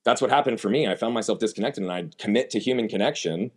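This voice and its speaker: A man with a fairly low, husky voice talks fast as a podcast guest. He tells his story candidly and emphatically, posing rhetorical questions to himself.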